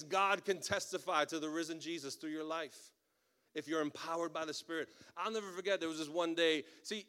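A man preaching a sermon as a pastor, telling stories in an animated way with humorous asides. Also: high-pitched.

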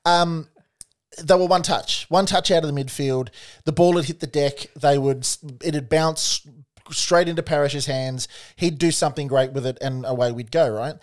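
Man, casual sports chat, slightly higher pitch, searches for words mid-sentence. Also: normal speed. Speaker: football podcast co-host.

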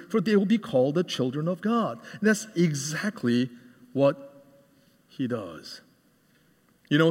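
A man preaching a sermon with a cordless microphone, animated and quizzing the congregation with questions. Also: a little high. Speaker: guest preacher. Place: church hall. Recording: reverberant hall.

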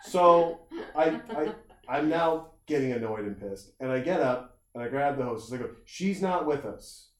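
A man telling a long, animated anecdote in casual chat, acting out the people in it and swearing freely. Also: medium pitch, moderate pace. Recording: roomy echo.

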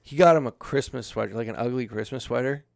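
A young man spins a rambling story among friends, cursing freely and slipping into voices for the people in it. His voice sits at an ordinary pitch. The sound is dry and close, with no room echo. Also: fast talker, gravelly, a little mellow. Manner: swears a lot, acts out quotes. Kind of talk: casual storytelling.

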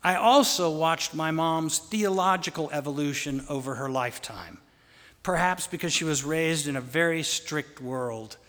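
A man telling fond, gently humorous family stories in a sermon. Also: a little high, measured pace. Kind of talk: anecdotal storytelling sermon. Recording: long hall reverb.

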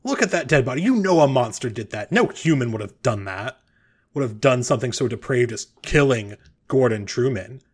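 A man voicing a cranky, bigoted old male ex-guard in a tabletop game, gruff and quick to shout accusations. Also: medium pitch, expressive. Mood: indignant.

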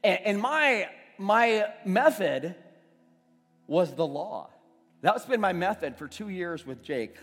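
Pastor in his forties, slightly high voice, chatty sermon that builds to loud emphasis, long church-hall echo. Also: lively intonation, a little slow. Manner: conversational storytelling, restarts, swells to loud emphasis. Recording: long reverb of a church hall, faint music.

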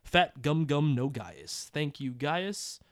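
A male podcast host reads listener emails out loud, breaking in with jokes and quick laughs. His voice sits a bit high. The recording is close and dry, with no room sound. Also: very animated, no echo. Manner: reads aloud with joking asides, laughs often. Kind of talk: casual podcast chat.

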